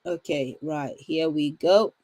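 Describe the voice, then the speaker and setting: A woman's voice: sits low, slow, dark tone, no echo, rough recording. A woman hosting a parenting livestream from home, chatty and reassuring, often putting questions to her viewers. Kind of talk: casual livestream talk.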